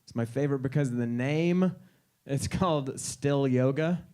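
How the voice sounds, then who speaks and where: A man in his thirties performs stand-up on a music venue's stage. His voice is mid-pitched and ordinary. He sounds wry and incredulous as he builds absurd stories. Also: moderate pace, warm tone, clean tone. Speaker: stand-up comedian. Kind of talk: stand-up comedy set.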